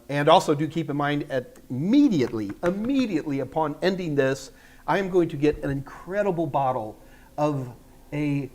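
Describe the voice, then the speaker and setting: An older man from the United States hosting a live tech Q&A, rambling in a chatty, self-deprecating way. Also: on the high side. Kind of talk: casual livestream chat.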